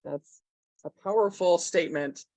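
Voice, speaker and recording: A woman's voice: fairly low pitch, measured pace, a little mellow. A woman hosting an interview, thoughtful and searching for her words. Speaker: host. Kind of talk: interviewer commentary.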